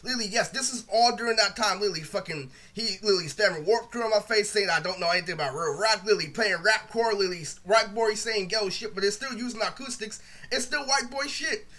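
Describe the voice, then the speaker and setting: A man with a high, bright voice rants through a personal story, vlog-style. He talks in loose, rambling bursts, swears constantly and leans on filler words. The telling sounds aggrieved throughout. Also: fast talker, hardly any pauses. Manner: aggrieved, ranting retelling. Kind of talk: casual storytime monologue.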